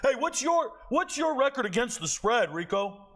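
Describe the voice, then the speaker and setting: A man's voice: extremely high pitch, sing-song, moderate pace, fairly bright tone, voice pushed up, heavily acted. A man mimicking an impatient young male bettor who nags for picks in a whiny voice. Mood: nagging.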